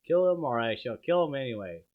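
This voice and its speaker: Man doing a raspy, wrathful dark lord. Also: mid-range voice, animated, brisk, close to an everyday voice. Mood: menacing. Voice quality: wrathful raspy, mock-archaic. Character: sinister male dark lord, commanding and cruel. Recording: dull lo-fi stream audio.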